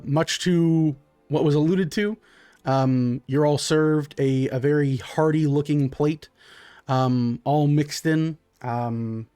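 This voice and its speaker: A man narrating as game master for a tabletop game, in a relaxed, conversational way with many fillers. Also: fairly high pitch, no echo, studio quality.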